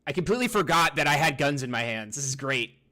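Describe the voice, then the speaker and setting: A man's voice: medium pitch, lively intonation, quick pace, pushed and bright. A man streaming live, chatting casually with his viewers in a rambling, profane way and talking to himself while he browses.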